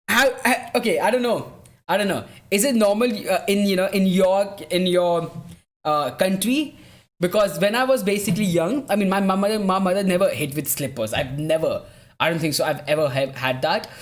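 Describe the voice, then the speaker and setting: A young man hosts a live football watch-along. He talks loosely and often swears, reacting to the match as he answers his chat. His delivery is casual and easily excited. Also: fairly high pitch. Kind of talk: live-stream commentary and chat.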